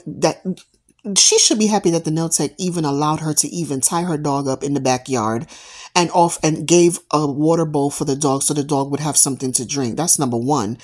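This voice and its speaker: Female reaction host, lowish voice, emphatic, opinionated commentary. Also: a little mellow.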